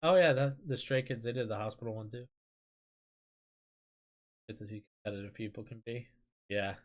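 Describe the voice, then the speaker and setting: A man's voice: mid-range voice, moderate pace. A man hosting a casual livestream chat, rambling with lots of fillers, laughing and swearing as he talks. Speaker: streamer host.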